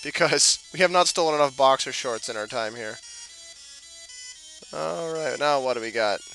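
A man's voice: medium pitch, normal speed, vocal fry, bright, forceful tone, faint music behind, low-quality recording. A man doing casual gameplay commentary, cracking jokes, swearing and talking back to the game characters. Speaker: let's play commentator.

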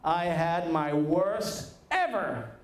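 A man's voice: on the high side, lively intonation, extremely slow, echoey room, voice pushed down. A man playing a cheeky old British granddad.

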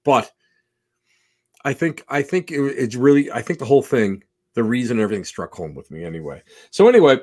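Rambling, excitable male podcast host. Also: mid-range voice, brisk. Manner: enthusiastic, rambling, swings loud and soft. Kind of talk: casual interview.

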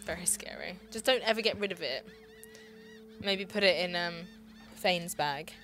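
A woman's voice: on the low side, normal speed, a bit bright, soft background music. A woman co-hosting a let's play, giggling and making playful puns. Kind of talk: casual gameplay chat.

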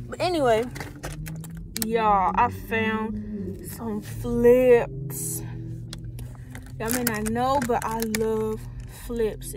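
A woman's voice: a little high, background noise. A young woman vlogging casually on her phone, chatting to viewers in a slangy, talkative way as she runs errands. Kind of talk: casual vlog talk to camera. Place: in and around a parked car and stores. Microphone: phone held in hand.

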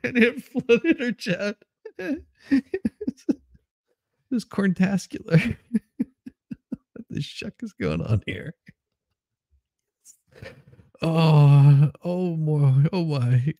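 A man with a fairly high, slightly mellow voice co-hosts a casual live stream, reading viewer comments aloud and laughing constantly in a giggly, amused way. He's very animated, drawing out words and pausing often. The recording is dry and studio quality.

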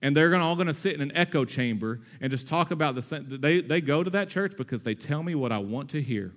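Man in his thirties, church sermon, fairly high voice, energetic and conversational, joking asides. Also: quick pace. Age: 30s. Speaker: pastor.

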